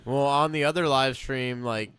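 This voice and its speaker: A man's voice: mid-range voice, steady tone, moderate pace, fairly bright tone, clear, resonant tone, dry recording. A man in casual chat during a hockey watch-along, laid-back, with wry comebacks.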